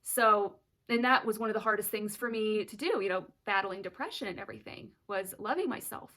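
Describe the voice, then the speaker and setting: Woman, 30s, vlogger mother; earnest, heartfelt delivery, mid-pitched, near tears at moments. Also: fairly quick, sharp tone. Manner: earnest and emotional, close to tears at times. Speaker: mother of twin daughters sharing her story. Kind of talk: personal vlog, candid storytelling.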